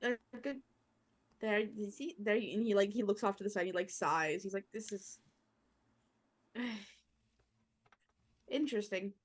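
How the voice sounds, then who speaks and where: A young woman playing a tabletop game, narrating her character in a halting, rambling way. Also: medium pitch, fairly even intonation. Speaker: player.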